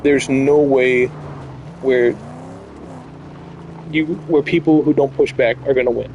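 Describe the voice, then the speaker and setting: A man's voice: mid-range voice, steady tone, slow pace, darkish tone, muffled recording, a little hiss or hum. A man hosting a gaming channel, delivering blunt, profane, heated commentary over gameplay.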